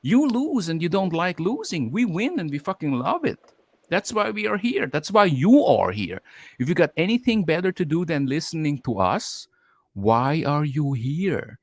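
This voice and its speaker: A man's voice: fairly high pitch, big pitch swings, normal speed, no room sound. A man co-hosting a live stream, delivering an aggressive, taunting, profane rant.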